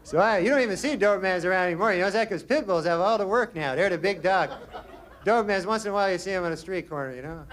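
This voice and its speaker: A young man from Canada doing a stand-up set in a small comedy club, with a dry deadpan delivery and drawled asides. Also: sits high, racing. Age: young adult. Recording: noisy club recording with crowd. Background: audience laughter.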